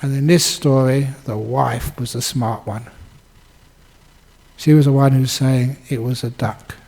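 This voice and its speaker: An older man, a Buddhist monk, giving a dharma talk with lively storytelling and chuckles. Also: medium pitch, unhurried, gravelly, poor audio. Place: Buddhist centre.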